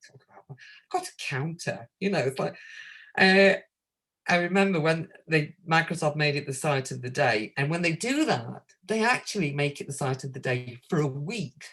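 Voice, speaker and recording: A woman's voice: low voice, normal speed. Chatty woman telling anecdotes. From United Kingdom. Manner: lively anecdote-teller who acts out quoted phone calls and laughs often. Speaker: guest astrologer. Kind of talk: casual interview storytelling.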